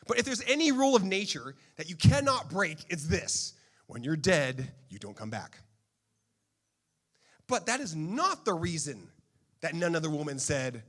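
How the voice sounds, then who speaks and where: A male pastor preaching a sermon in a playful, animated storytelling manner. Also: a little high.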